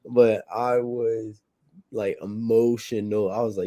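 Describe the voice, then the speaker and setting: A young man with a mellow, dark voice shares a heartfelt testimony. His talk is casual and slangy, full of repeats and restarts. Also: fairly low pitch, level tone, slow. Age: young adult. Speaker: youth program participant.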